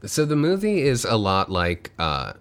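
A man's voice: fairly low pitch, wildly swooping pitch, unhurried, fairly bright tone, clean tone. A man co-hosting a podcast, casually retelling a movie plot with a lot of fillers and the odd swear word. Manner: laid-back, with many fillers and some swearing. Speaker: podcast co-host.

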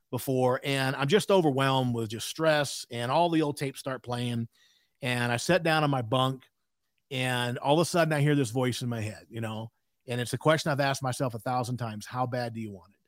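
A man's voice: medium pitch, dry recording, studio quality. A man in his sixties, a podcast guest telling a candid story in an emphatic way with frequent asides.

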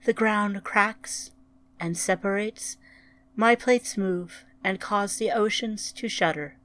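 Ancient planet AI, soft and measured, slow delivery, read by a woman. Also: mid-range voice. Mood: calm. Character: vast ancient planet-wide AI, calm and soft.

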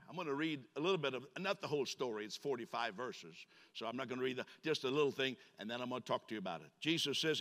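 Male pastor, lively joking sermon, bright tense voice, long reverb of a church sanctuary. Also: mid-range voice, fast talker. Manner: animated, joking with the congregation.

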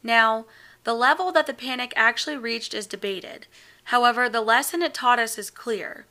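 A woman opens a fiction podcast as its host, reading a scripted introduction in a clear and welcoming way. Her voice is bright and fairly high. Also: moderate pace.

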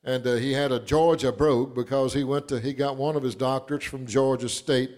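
A pastor, telling folksy stories with chuckles and building into fervent preaching. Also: male voice, mid-range voice, steady tone, fairly quick, a little mellow. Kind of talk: sermon.

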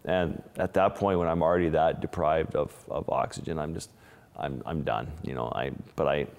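A man's voice: a bass voice, steady tone, normal speed, vocal fry, a little mellow, big-room sound, a little hiss or hum. A man, an underwater wildlife photographer, casually recounting close calls in an interview and often restarting his phrases. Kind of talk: interview storytelling.

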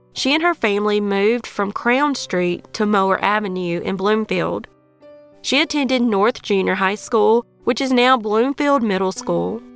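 A woman with a Southern US accent narrates a true crime case in a measured, scripted read. Her voice is smooth and resonant, and soft music plays faintly underneath. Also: mid-range voice. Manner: measured, even reading. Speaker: true crime podcast host.

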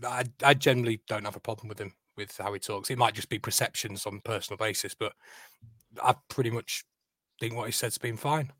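A man's voice: fairly low pitch, a little fast, a bit bright, no room sound. Opinionated man, dry close sound. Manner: firm, opinionated. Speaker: podcast co-host. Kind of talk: casual football chat.

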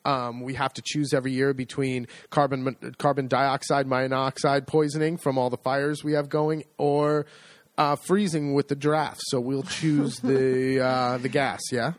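A man's voice: medium pitch, level tone, a little slow, no echo. A middle-aged American man chatting casually as co-host, rambling and self-deprecating, with many restarts. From United States. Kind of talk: casual chat.

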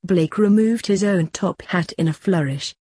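A woman reading a short story aloud in a calm, even storytelling voice. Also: on the low side, measured pace, husky, no room sound. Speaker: narrator. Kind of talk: scripted story narration.

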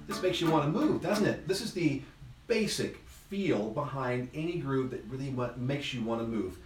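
A man's voice: mid-range voice, normal speed, reverberant, faint music behind. Man teaching rhythm, counting beats. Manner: counts beats aloud while playing; relaxed, encouraging. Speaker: music teacher. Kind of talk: instrument lesson.

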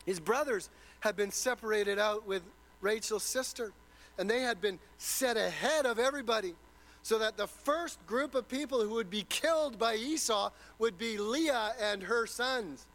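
High-voiced man preaching dramatically. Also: normal speed, fairly bright tone, low-quality recording. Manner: dramatic storytelling with rhetorical questions. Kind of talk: sermon.

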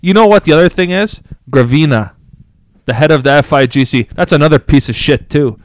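Casting: heated male podcast co-host, somewhat high voice, angry emphatic ranting, dry close mic. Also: brisk, no room sound. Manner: angry, swearing, emphatic rants.

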